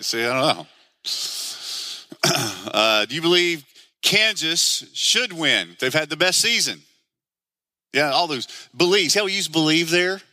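A man's voice: a little high, pushed and bright, no room sound. A man preaching a sermon in an earnest, conversational way, asking the listeners many questions. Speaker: pastor.

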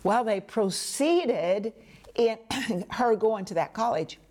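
A woman teaching a devotional message in an earnest manner, speaking straight to the listener as a friend and sinking to hushed whispers for emphasis. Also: fairly high pitch, animated, takes it slowly. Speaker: Bible teacher.

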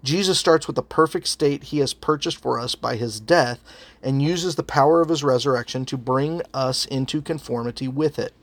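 A man's voice: mid-range voice, moderate pace, no echo. A man preaching a sermon as a pastor, earnest and emphatic, weaving in personal stories.

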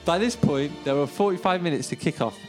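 A man's voice: a little high, brisk, over music. A man co-hosting a podcast, reading a story aloud with wry, self-deprecating asides. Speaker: podcast co-host reading a memoir.

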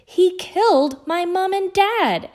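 A woman reading aloud voices a furious thirteen-year-old boy wizard who spits taunts and shouts. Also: very high voice, lively intonation, measured pace, pitched above the performer's own voice. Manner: angry, spitting taunts, shouting.

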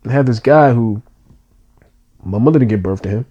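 A man's voice: mid-range voice, normal speed, mellow, husky, lo-fi sound. Emotional man telling a heartfelt story. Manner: emotional, earnest, casual slang.

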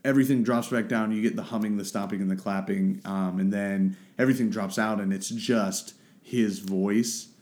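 A man's voice: on the low side, fairly even intonation, normal speed, few pauses, darkish tone. A man hosting a solo podcast, talking casually and rambling as he searches for the right words. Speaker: podcast host.

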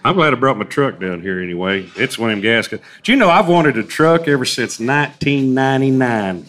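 A man's voice: medium pitch, expressive, fairly quick, fairly bright tone. Folksy drawling Southern man. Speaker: comedy duo performer. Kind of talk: stand-up banter before a live crowd.

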